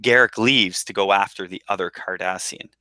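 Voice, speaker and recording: A man's voice: deep voice, moderate pace, pushed and bright, no echo. A man co-hosting a podcast, chatting casually about an episode and talking with plenty of restarts and military jargon. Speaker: podcast co-host. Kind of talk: casual chat.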